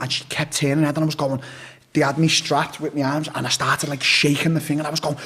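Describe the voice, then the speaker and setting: This interview guest's voice is a little high, slightly rough and a bit bright, and he talks fast with a flat delivery. His storytelling is casual, blunt and profane, and he performs the quotes of the people involved.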